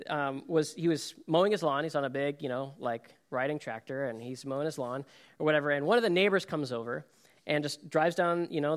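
A middle-aged man preaching a sermon, telling stories and acting out quotes with laughter. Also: a little high. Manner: storytelling, animated, acts out quotes with laughs. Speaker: pastor.

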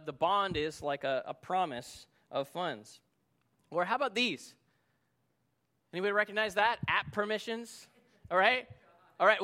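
A middle-aged man, a lead pastor, preaching a sermon and telling a lively personal story. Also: sits high. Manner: storytelling, animated, acts out shouting in the story.

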